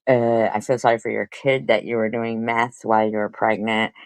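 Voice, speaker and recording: A woman's voice: rumbling low, flat delivery, moderate pace, a little mellow, dry recording, rough recording. A woman live streamer arguing in a profane, confrontational and mocking way. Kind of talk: heated live-stream commentary.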